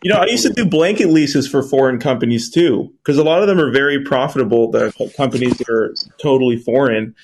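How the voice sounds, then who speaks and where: A man with a mid-pitched voice talks in a casual group audio chat. He explains things steadily in a sales tone and shares tips from his work as an apartment locator. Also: fast, hardly any pauses, a little mellow, slight background noise.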